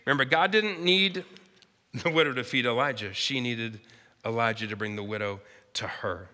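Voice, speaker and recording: Male pastor, sermon, conversational, very bright voice, long hall reverb. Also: mid-range voice, normal speed. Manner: conversational preaching, acts out characters.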